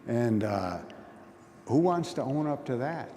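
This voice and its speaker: A man's voice: medium pitch, expressive, slow, warm tone. A man giving a conference talk in a plain, folksy storytelling manner. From Oneida community. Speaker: conference speaker. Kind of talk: conversational talk. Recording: long hall reverb, faint noise.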